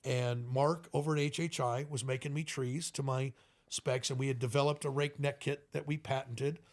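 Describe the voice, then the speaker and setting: A middle-aged man, a custom motorcycle builder, telling animated stories as a podcast guest and often laughing between them. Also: mid-range voice, moderate pace. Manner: animated, tells stories with quoted voices and frequent laughs. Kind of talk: casual storytelling in a podcast interview.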